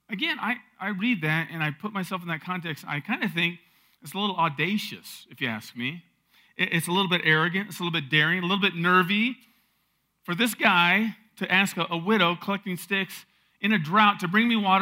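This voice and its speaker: A man's voice: a little high, moderate pace. A man preaching a conversational sermon, retelling a Bible story with rhetorical questions and sudden swells of emphasis. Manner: drops soft for tender lines. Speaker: pastor.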